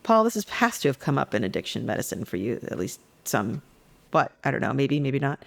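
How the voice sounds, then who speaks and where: A woman psychologist talking as a guest on a podcast interview, telling stories in a lively, joking way. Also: a bass voice, a little fast, vocal fry. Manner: lively, jokey storytelling.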